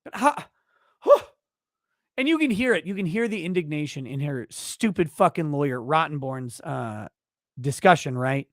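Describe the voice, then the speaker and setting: A man with a fairly high-pitched, lively voice hosts a legal commentary livestream at normal speed. He rants in a heated, profane way, and the recording is clean studio sound with no echo.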